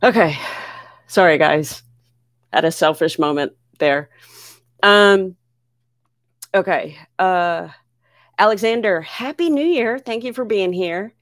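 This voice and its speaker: A woman from the United States hosting a casual livestream, reading viewer comments aloud and answering questions in an excitable, chatty way. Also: fairly low pitch, takes it slowly, long pauses, no echo, clean studio sound. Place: home near Philadelphia.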